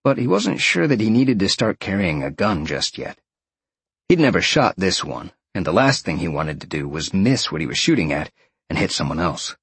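Low, husky male audiobook narrator. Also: very animated, moderate pace, a bit bright, dry recording.

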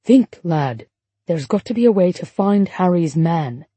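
A woman voicing a young British man in disguise who speaks slowly and politely in an audiobook. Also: lowish voice, expressive, warm tone, husky, dry recording. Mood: urgent. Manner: slow, careful, polite. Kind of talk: audiobook character voice.

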